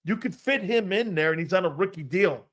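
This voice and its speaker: Brief: male sports talk host, slightly high voice, loud, animated, jokey. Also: a little fast. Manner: loud, animated, jokey, talks straight to viewers. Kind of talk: live-stream sports talk reading chat.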